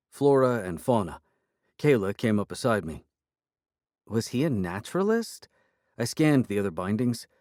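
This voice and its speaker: A man narrating a first-person audiobook in a measured storytelling manner. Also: lowish voice, darkish tone, no room sound, studio quality.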